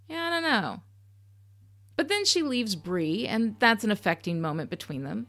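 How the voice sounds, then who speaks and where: A woman's voice: medium pitch, sing-song, normal speed, fairly bright tone. A woman hosting a podcast, giving candid, sarcastic commentary on a TV episode, swearing casually. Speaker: podcast host.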